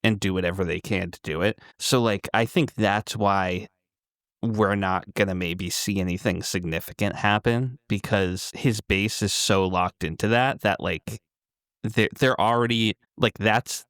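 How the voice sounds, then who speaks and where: A man co-hosting a casual political podcast, speaking in a measured way with hesitant restarts. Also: on the low side, a bit bright, no echo, studio quality. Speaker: podcast co-host.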